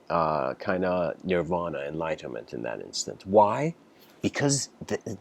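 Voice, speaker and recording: A young man giving a casual spoken lecture, rambling with many fillers and restarts and voicing the people in his story. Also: low voice. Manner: acts out characters in the story with raised voice.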